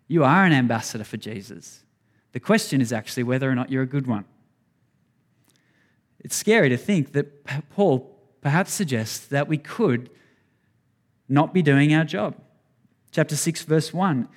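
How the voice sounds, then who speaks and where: A man's voice: mid-range voice, lively intonation, normal speed. A man preaching a sermon, earnest and conversational, speaking straight to his congregation. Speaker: pastor.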